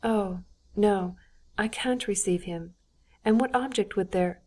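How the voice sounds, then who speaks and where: A woman voicing an agitated young aristocratic wife who speaks in an excited, hurried, insistent way, in an audiobook. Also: mid-range voice.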